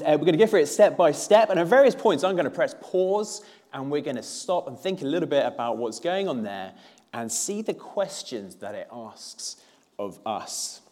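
A man's voice: medium pitch, a little mellow. Man preaching a chatty sermon. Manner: conversational, with filler words and a few playful put-on voices. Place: church.

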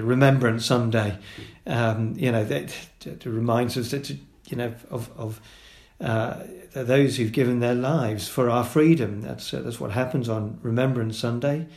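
A pastor delivers a sermon in an earnest, steady voice of middle pitch. He pauses often with fillers and restarts while listing his points. The sound carries the reverberation of a roomy hall. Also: gravelly.

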